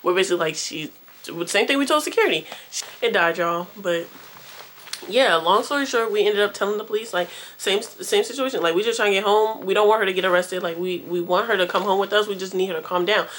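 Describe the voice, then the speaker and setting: A woman's voice: medium pitch, fast, a bit bright, a little hiss or hum. A young woman vlogger telling a storytime tale to her viewers in a slangy, profane, chatty way. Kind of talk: casual storytime.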